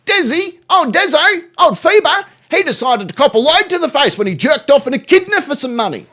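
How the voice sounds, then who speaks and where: Australian male host, high and animated voice, crude mocking rants, heavy swearing. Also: brisk. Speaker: show host reacting to clips. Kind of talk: profane reaction commentary.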